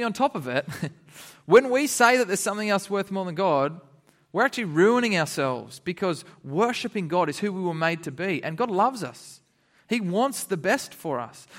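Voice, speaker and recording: A man giving a lively Bible lesson to children, laughing often and acting out the characters. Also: high voice. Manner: animated, laughing, acts out characters. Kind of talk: lively kids' sermon.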